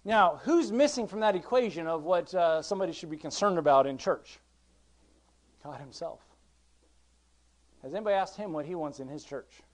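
Male pastor, fairly high voice, sermon delivery that swings from quiet asides to strong emphasis. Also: expressive, normal speed, pauses often. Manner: conversational, with frequent restarts and swings from quiet to emphatic; reads scripture in King James wording.

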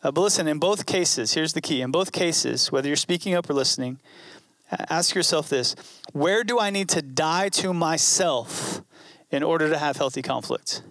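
Male pastor, earnest and conversational, repeats lines for emphasis; voice on the higher side. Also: moderate pace, fairly bright tone, no echo, studio quality. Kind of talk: sermon.

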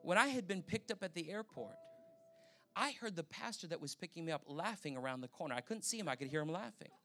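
Man, Canadian, preacher, high voice, animated storytelling, music underneath. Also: fast talker. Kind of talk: sermon testimony.

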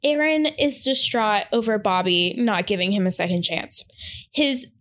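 A woman in casual chat, retelling a film plot with animated storytelling and acting out the characters' lines. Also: medium pitch, moderate pace.

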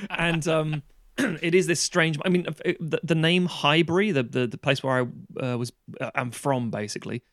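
A man's voice: fairly high pitch, measured pace, a bit bright, dry recording. Sweary man ranting, dry sound. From London, England. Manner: ranting and sweary, acting out quoted people. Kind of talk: casual chat.

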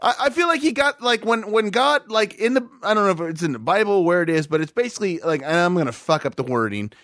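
A man with a high voice riffs crudely on a podcast, slipping into quick put-on voices for his jokes. The sound is dry and close, with no room around it. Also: lively intonation, fairly bright tone, dry recording. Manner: crude, joking, acts out voices mid-story. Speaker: podcast co-host. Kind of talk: casual comedic chat.

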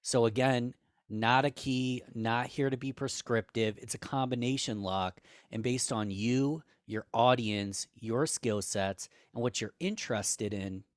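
A man guest on a podcast, giving emphatic, energetic business advice in a conversational way, a bit hoarse. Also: mid-range voice, a little slow, no room sound, studio quality. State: slightly hoarse.

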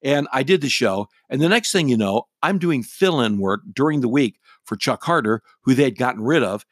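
A man's voice: mid-range voice, animated, moderate pace, dry recording, studio quality. A middle-aged man, a radio talk show host, telling a story casually in a blunt, wry and irreverent way.

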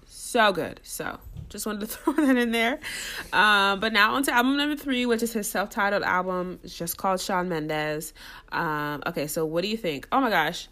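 A woman's voice: medium pitch, moderate pace, bright, forceful tone. A young woman co-hosting a casual album-ranking chat, gushing and laughing often.

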